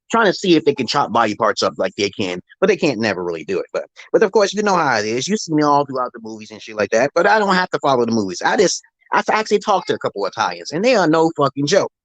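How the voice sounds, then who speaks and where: A man's voice: mid-range voice, big pitch swings, fast, fairly bright tone, dry recording. A middle-aged man hosting a live stream from his phone, rambling in a profane, opinionated monologue. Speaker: livestream host.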